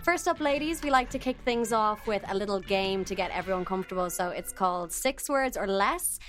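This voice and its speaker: A bubbly Irish woman in her thirties hosts a podcast, opening the show and steering the chat. Her voice sits at an average pitch for a woman, and she laughs easily between questions. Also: animated, fairly quick, a bit bright, soft background music. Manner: bubbly, laughs often, scripted intro then chatty. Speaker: podcast host. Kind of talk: casual podcast hosting.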